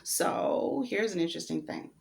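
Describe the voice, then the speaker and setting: Woman vlogger, low voice with vocal fry, hesitant candid storytelling. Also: animated, normal speed, darkish tone. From United States. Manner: hesitant and candid, many fillers, laughs while talking. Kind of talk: personal story vlog.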